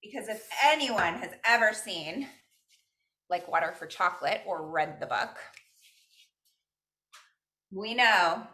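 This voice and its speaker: A woman leads a virtual cooking class from her home kitchen over a video call, speaking in a bright, clear voice. She stays upbeat and encouraging, counting steps aloud and mixing Spanish phrases into her instructions. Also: mid-range voice, animated, slow pace, long pauses.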